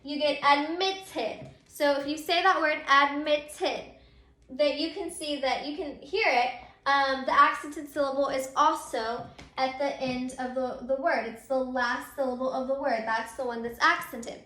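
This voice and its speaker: A woman teacher explains spelling rules patiently, one step at a time, with plenty of ums. Her voice is high and bright. It sounds like a roomy, echoey space. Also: fairly even intonation, normal speed. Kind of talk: recorded grammar lesson.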